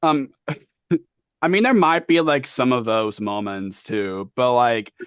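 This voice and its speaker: A man's voice: mid-range voice, slow, clear, resonant tone, dry recording, lo-fi sound. A man co-hosting a podcast, asking a guest questions in a casual, hesitant way. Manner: hesitant, many fillers while asking. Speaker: podcast co-host. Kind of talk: casual interview chat.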